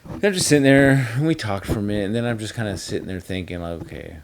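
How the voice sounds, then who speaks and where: A man's voice: on the low side, lively intonation, fast talker, no room sound. A man co-hosting a podcast in casual chat, telling rambling stories with swearing and acted-out quotes. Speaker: podcast co-host.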